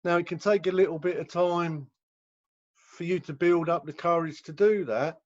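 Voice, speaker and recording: A man's voice: a little high, steady tone, moderate pace. A man who runs a rehab center, explaining recovery in a casual talk over a video call and acting out the people in his examples. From England. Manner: conversational, acts out quoted voices. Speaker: rehab director. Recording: dull lo-fi video call audio.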